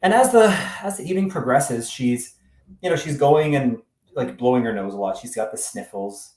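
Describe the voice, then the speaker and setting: A man spins a casual story to camera with a lively, swooping delivery and dry sarcastic asides. His voice sits a bit back from the mic in a roomy, echoing space. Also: medium pitch, moderate pace, distant mic. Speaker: real estate agent sharing a tip-of-the-week video.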